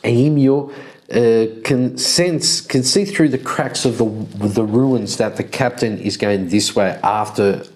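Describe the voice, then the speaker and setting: A man narrates a solo tabletop game in a relaxed, rambling way, counting out moves aloud. He speaks slowly in a mid-pitched voice.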